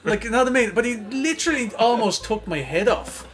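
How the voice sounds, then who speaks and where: A man's voice: very high-pitched, expressive, quick pace, fairly bright tone, soft background music. An Irish man co-hosting a podcast, telling stories in casual chat, laughing often and swearing freely. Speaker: podcast co-host.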